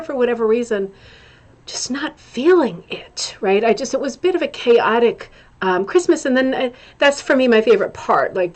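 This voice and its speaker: Middle-aged woman host, casual livestream chat, rambling asides, mid-pitched voice. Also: a little mellow. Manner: chatty, greets viewers by name, scattered asides.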